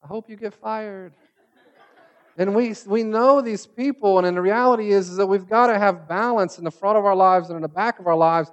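Male pastor with a high voice; conversational sermon delivery, acts out quoted lines. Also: fairly quick, few pauses, muffled recording. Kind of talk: sermon with personal storytelling.

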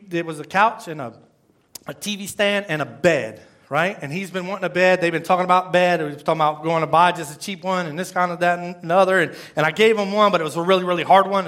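A man's voice: high-pitched, fast, fairly bright tone. A man, a pastor, giving a conversational sermon, rambling, repeating words and asking the congregation questions.

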